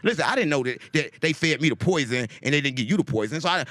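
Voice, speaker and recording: A man from St. Louis, a guest in casual conversation, talking in an animated, profane, preaching and storytelling way. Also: a little high, fast talker, no room sound, clean studio sound. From St. Louis, USA.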